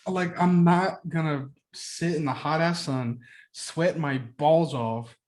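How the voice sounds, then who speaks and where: A young man co-hosting a podcast, telling stories in a profane, animated way during casual chat. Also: on the high side, takes it slowly. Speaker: podcast co-host.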